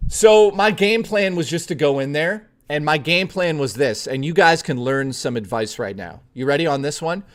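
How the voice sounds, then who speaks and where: A man's voice: on the high side, expressive, normal speed, few pauses. A male streamer telling a story to his live chat in a blunt, profane, chatty way, speaking straight to his viewers.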